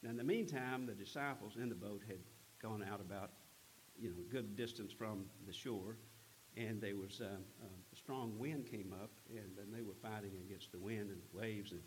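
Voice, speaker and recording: Earnest low-voiced male preacher. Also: a little hiss or hum, low-quality recording. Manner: earnest storytelling with frequent pauses. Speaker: pastor. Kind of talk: sermon.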